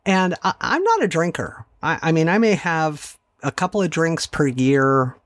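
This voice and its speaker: A woman's voice: low voice, big pitch swings, moderate pace, no room sound. A middle-aged woman hosting a podcast, candidly recounting a personal story in a conversational way with wry asides. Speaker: podcast host.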